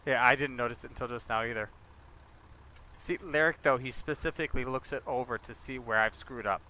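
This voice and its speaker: A man's voice: mid-range voice, fairly quick, sharp tone, a little hiss or hum. A man chatting casually with his viewers while livestreaming a game, joking and talking to them by name. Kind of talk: casual gameplay livestream chat.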